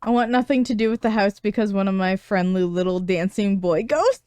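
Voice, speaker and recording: Casting: woman podcast host, smooth clear voice, dry close mic, casual storyteller. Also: medium pitch, brisk, darkish tone, no echo. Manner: storytelling with frequent laughs. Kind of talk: casual chat reading a listener story.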